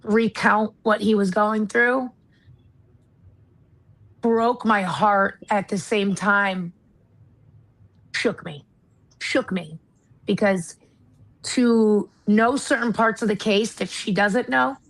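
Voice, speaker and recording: Slow and steady, the American woman, a former marshal turned paranormal investigator, answers in a casual interview with earnest candor. Her medium-pitched voice is slightly bright, but the audio quality is poor.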